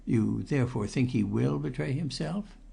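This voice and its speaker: Gruff Highland police detective, read by a man, gravelly, husky, suspicious, blunt questions. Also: normal speed, warm tone, exaggerated voice. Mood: probing. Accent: Scottish Highland. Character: big fair-haired Scottish police detective, suspicious. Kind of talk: audiobook character reading.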